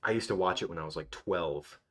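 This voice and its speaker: Low-voiced young man rambling on a livestream. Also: fairly quick, a bit bright. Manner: rambling, reminiscing, full of restarts. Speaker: livestream host. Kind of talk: casual livestream chat.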